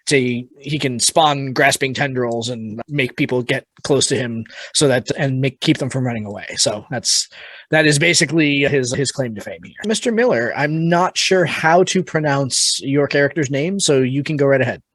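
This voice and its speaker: A man hosting a tabletop game chats easily and laughs a lot, often restarting his sentences. His voice is mid-pitched and sounds dry and close on the mic. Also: normal speed, a bit bright, dry recording. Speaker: host. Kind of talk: casual tabletop game chat.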